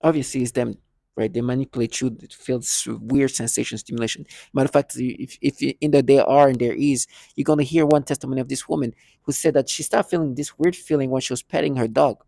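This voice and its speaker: Gravelly man rambling through a story. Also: mid-range voice, steady tone, quick pace, warm tone, dry recording, studio quality. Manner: rambling, many restarts and repeated words; acts out both sides of remembered conversations. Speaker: vlogger. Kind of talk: personal monologue.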